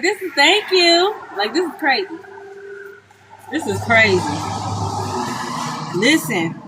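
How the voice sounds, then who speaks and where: Out on a street, a woman reads tarot live over a phone livestream while the background stays noisy. Her voice sits in the mid range, and she is blunt and profane, repeating herself often.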